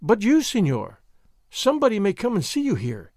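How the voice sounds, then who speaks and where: A man's voice: high-pitched, huge pitch swings, moderate pace, a little mellow, no echo, clean studio sound, pitched above the performer's own voice, heavily acted. A man voicing a proud, flustered young noblewoman in a formal, agitated manner. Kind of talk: audiobook character voice.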